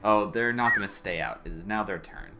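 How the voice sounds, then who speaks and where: A man narrating as game master in a casual tabletop game, laughing often and pausing on fillers. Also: fairly low pitch, music in the background. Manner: laughing, hesitant with many fillers.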